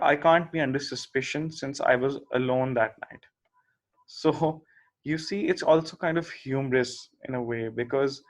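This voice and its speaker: A man's voice: mid-range voice, poor audio. A man lecturing on logic in a plain explanatory way, often checking in with the listener. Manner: explanatory, checks in with "okay?" and "right?".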